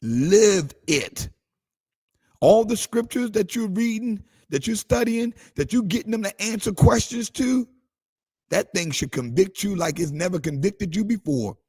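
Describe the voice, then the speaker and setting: The pastor's voice sits high, warm and slightly rough, animated but at a moderate pace. Addressing a livestream audience, he preaches with passion, using call-and-response and occasionally singing.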